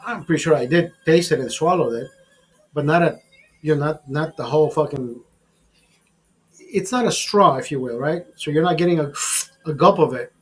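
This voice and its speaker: A fairly high-pitched livestream host speaks at a normal speed with frequent pauses on a low-quality recording. Chatting casually, he tells crude, meandering stories full of swearing and calls viewers brother and bro.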